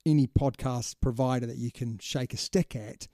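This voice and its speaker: A man's voice: mid-range voice, steady tone, normal speed, warm tone, no echo, studio quality. A man co-hosting a sports podcast in casual chat. He is opinionated and chatty and keeps calling his co-host "mate".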